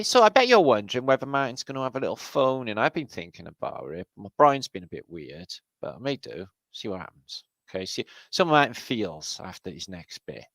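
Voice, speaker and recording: Welsh male livestream host, lively swooping delivery, loose sweary banter, dry close mic. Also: medium pitch, dry recording. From Wales. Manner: chatty, swears freely, jokey banter. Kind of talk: casual livestream chat greeting viewers.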